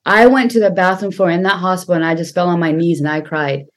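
A woman from a Punjabi family, a healer appearing as a podcast guest, earnestly tells her story in casual conversation, often repeating herself for emphasis. She talks fast in a fairly low, fairly even-toned voice.

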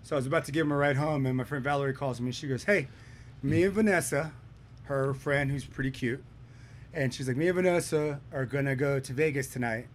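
A man's voice: mid-range voice, a little hiss or hum. A young man telling a rowdy story to friends in casual chat, swearing often. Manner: profane, animated, swears a lot. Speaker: podcast storyteller.

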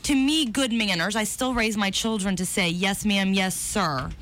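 A woman co-hosting a talk radio show, chatty and quick to laugh. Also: mid-range voice, a bit bright. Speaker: radio co-host. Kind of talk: casual talk radio banter.

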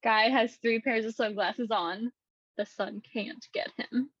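A woman's voice: a little high, steady tone, measured pace, a bit bright, breathy edge, no echo, muffled recording. A woman co-hosting a podcast, reading silly scripts aloud in casual chat and often breaking into giggles. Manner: giggly, keeps breaking into laughter while reading. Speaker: podcast co-host.

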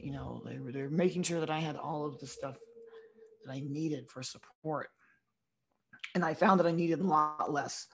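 A woman with a breathy, weak voice, talking frankly as a guest in a casual interview. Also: low-pitched, slight background noise, poor audio. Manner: frank, talks in restarts and lists. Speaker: comedian guest.

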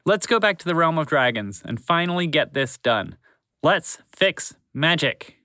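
A man's voice: unhurried, dry recording, studio quality, full character voice. A man voicing a playful, unpredictable male talking horse in a children's audio story. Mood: excited. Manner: excitable, jokey, high and bouncy.

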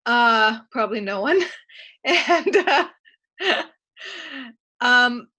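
Bright-voiced woman writing teacher. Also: on the high side, animated, very slow. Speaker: guest, writing teacher and memoir author. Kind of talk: casual interview chat.

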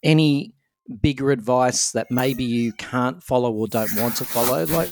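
A man interviews a guest, asking gentle questions. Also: medium pitch, a little slow, no echo, studio quality.

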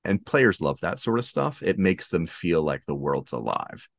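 A man's voice: low-pitched, normal speed, vocal fry, no room sound, clean studio sound. A man hosting a casual interview about tabletop games, agreeing often and plugging a campaign. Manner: relaxed, affirming, plugs a crowdfunding campaign. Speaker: podcast host.

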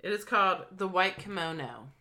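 Woman cohost, bright voice, giggly and sweary, reading off a spooky ritual. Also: on the low side, animated, moderate pace. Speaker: podcast co-host. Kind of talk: casual chat, reading out a ritual.

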